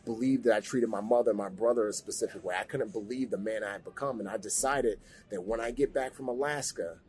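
A man's voice: lowish voice, fast talker, darkish tone, a little hiss or hum. A man in his thirties, a podcast guest, earnestly telling a personal story of faith. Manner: earnest storytelling, rises sharply when emotional. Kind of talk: personal testimony in a podcast interview.

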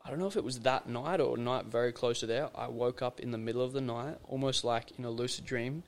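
A man's voice: mid-range voice, fast talker. Rambling young man. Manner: rambling, loose storytelling with many fillers. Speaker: podcast guest. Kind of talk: casual conversation.

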